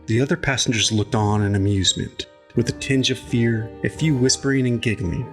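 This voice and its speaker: A man narrating an audiobook chapter in a measured, even storytelling manner. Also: mid-range voice, soft background music.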